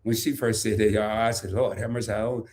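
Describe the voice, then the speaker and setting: A man hosting a casual live stream, talking loosely and teasing with quick laughing bursts. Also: lowish voice, fairly even intonation, darkish tone. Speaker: host.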